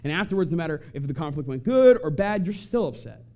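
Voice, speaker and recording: A man giving an animated talk to an audience and acting out short quoted voices. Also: fairly high pitch, fast. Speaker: speaker on family conflict.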